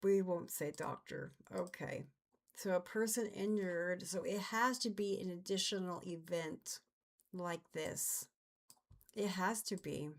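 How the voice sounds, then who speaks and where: A woman's voice: fairly low pitch, takes it slowly. A woman streamer with a light Southern American accent, chatting casually as she thinks aloud and trails off mid-sentence. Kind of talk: casual live-stream chat while working on a game map.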